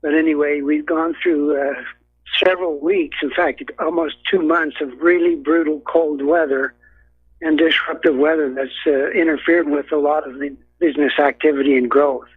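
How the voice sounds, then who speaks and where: A man phoning in to a talk radio show, stumbling through his points with lots of fillers and restarts. His voice is husky and a bit high, coming through a thin, tinny phone line. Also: fairly even intonation, no echo. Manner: halting, with many fillers and restarts. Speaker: caller.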